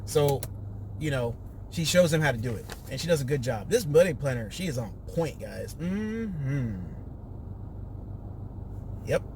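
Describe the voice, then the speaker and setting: A man's voice: mid-range voice, expressive, unhurried, long pauses, darkish tone, slight background noise. A man hosting a casual podcast, recapping a reality show and acting out quotes in raised voices.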